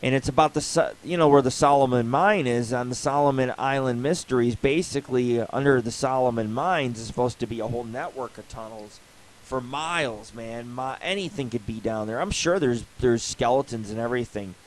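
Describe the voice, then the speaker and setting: A man's voice: medium pitch, a little fast, poor audio. A man hosting a live internet radio show, rambling casually with lots of swearing and asides. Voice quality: profane, rambling storyteller.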